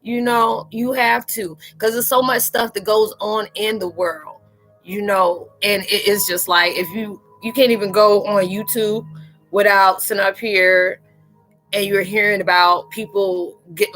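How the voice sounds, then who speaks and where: A woman hosts a casual live chat, joking and talking straight to her viewers in slangy everyday speech. Her voice is bright and forward. Faint music plays behind her. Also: medium pitch, fairly even intonation, a little slow.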